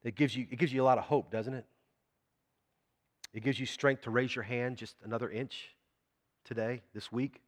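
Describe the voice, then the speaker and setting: A man delivers a sermon in a conversational way, putting questions to the congregation. His voice sits at a medium pitch. A long reverb from the church hall trails every phrase. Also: steady tone, normal speed, pauses often. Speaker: pastor.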